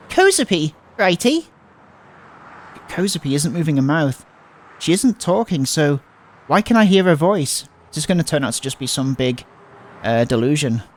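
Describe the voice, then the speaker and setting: A man's voice: a little high, animated, normal speed, slight background noise. A man reading a visual novel aloud, voicing the panicky narrator with stumbles and fearful outbursts. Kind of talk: dramatic read-aloud of a game.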